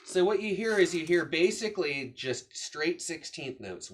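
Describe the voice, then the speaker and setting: A man's voice: a little high, expressive, a little slow, a bit bright. A man teaching a drum lesson, patiently explaining strokes and counting beats aloud as he demonstrates. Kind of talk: casual instructional explanation. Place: room with a drum kit.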